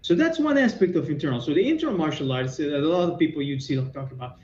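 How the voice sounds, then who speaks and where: Quick-talking man, echoey dull call audio. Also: a little high, wildly swooping pitch, darkish tone, a little hiss or hum. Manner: quick, explanatory, storytelling with asides. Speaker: martial arts teacher, guest. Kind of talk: podcast interview.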